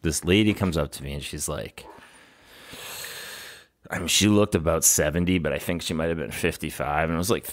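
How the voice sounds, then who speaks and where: Deep-voiced man telling a story. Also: fairly quick, long pauses. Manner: animated storyteller, acts out quotes, laughs often. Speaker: podcast co-host. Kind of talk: casual chat.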